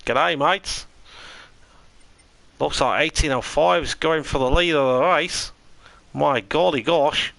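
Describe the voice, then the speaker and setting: A man's voice: on the high side, takes it slowly, vocal fry, pauses often, a bit bright, no echo, pitched above the performer's own voice, exaggerated voice. A man putting on an exaggerated Australian accent as a cheerful race commentator, piling on the slang playfully. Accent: put-on Australian.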